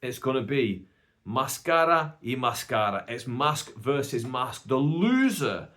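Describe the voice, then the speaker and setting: A man's voice: medium pitch, big pitch swings, a little slow, fairly bright tone. A British man hosting a casual solo podcast, telling a long story in a chatty, rambling way with many asides. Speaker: podcast host.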